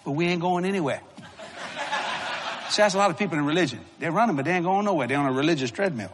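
A middle-aged man preaching a sermon, telling stories in a folksy, animated way with frequent chuckles. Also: on the high side, fast talker, a little hiss or hum. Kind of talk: storytelling sermon. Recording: reverberant large hall.

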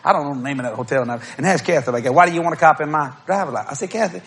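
A middle-aged man preaching a humorous storytelling sermon, acting out quotes and bursting into shouts and laughter. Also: on the high side, rapid-fire.

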